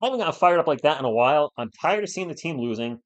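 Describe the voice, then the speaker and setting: A man hosts a live basketball stream, his voice swinging up and down as he reacts to the game and his chat. He sounds excitable and fired up. The audio is dull and lo-fi, like a home streaming setup. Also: fairly high pitch, very fast. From New England. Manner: excitable, fired-up, talks straight to chat viewers. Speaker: live-stream sports host. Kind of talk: live play-by-play commentary and chat replies.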